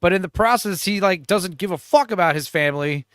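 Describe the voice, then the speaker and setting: A man's voice: high voice, fairly quick, a bit bright, no echo, clean studio sound. A man casually discussing a movie with a friend, animatedly retelling scenes and acting out the characters. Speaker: podcast co-host.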